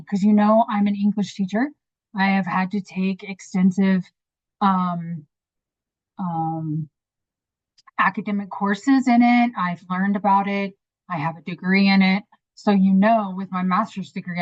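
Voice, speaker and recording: A woman's voice: medium pitch, no room sound, lo-fi sound. A woman English teacher giving a casual online lesson, chatty, with many ums and stumbles over hard words.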